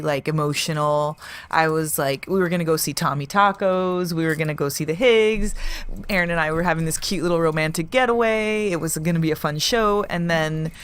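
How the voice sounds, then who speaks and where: A young woman co-hosting a podcast, telling a story in a casual, animated way, swearing and laughing as she goes. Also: sits low. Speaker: podcast co-host.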